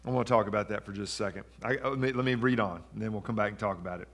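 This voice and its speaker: A man's voice: lowish voice, very fast, fairly bright tone. A man preaching a sermon in a church, reading scripture and talking through it conversationally with questions to the congregation. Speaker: pastor.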